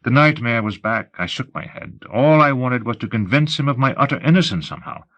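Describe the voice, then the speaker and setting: A man narrates a mystery story for an audiobook. His reading moves through a lively range of pitch, in a mid voice. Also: fairly quick, dull audio. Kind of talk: scripted narration.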